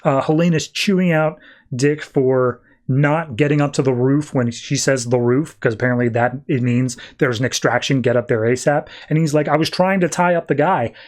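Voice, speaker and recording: A man's voice: mid-range voice, steady tone, normal speed, darkish tone. A man with a mid-range voice talks through a comic storyline on a podcast. His retelling is loose and chatty, full of "uh" and "he's like.". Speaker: podcast host. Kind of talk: casual comic book recap.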